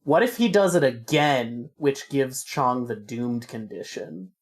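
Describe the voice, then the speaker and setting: A woman with a notably low voice, playing her turn in a tabletop game. She talks casually and eagerly, tossing in swear words. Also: very animated, measured pace. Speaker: player.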